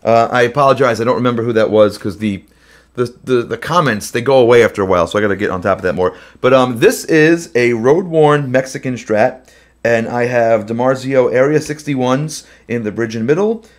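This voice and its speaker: A host with a fairly quick, mid-range voice runs a live question-and-answer stream with singing from his home studio, though he's under the weather. With guitar playing behind him, his chat between songs is loose, rambling, and filler-heavy.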